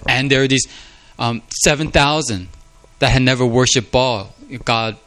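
A man's voice: mid-range voice, a little slow, a bit bright. A man preaching a sermon in an earnest, confessional way, often repeating words as he speaks. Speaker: pastor.

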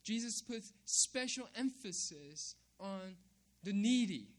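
A man's voice: high voice, animated, slow pace. A man preaching a sermon, emphatic, repeating key phrases and checking in with "right?". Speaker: pastor.

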